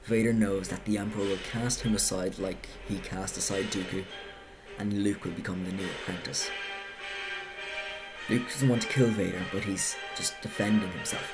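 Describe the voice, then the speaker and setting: A man's voice: sits low, steady tone, normal speed. A man narrating a casual video essay, talking conversationally with self-correcting asides. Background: music.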